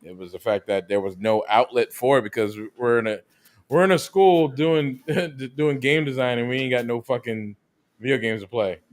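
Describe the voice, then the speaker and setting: Male co-host, mid-pitched voice, laid-back, chuckling, casual swearing. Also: normal speed. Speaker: podcast co-host. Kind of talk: casual chat with friends.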